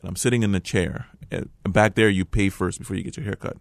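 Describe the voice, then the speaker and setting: An earnest man with an American accent tells his story in a deep, gravelly voice. He speaks close to the mic in a dry, dead room, and goes quiet and hushed when the story turns tense. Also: steady tone, quick pace, dry recording. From Liberia. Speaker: guest. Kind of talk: storytelling conversation.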